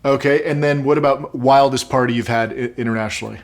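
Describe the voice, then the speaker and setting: A man hosting a casual interview, speaking thoughtfully with halting restarts and soft affirmations. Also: mid-range voice, fairly even intonation. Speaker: podcast host.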